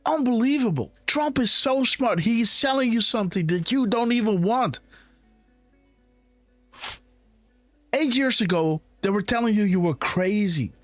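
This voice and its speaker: High-voiced man, insistent live commentary. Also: animated, measured pace, long pauses, no echo, faint music behind. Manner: insistent, rhetorical, keeps saying "guys" and "right?". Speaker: host of a live decode show.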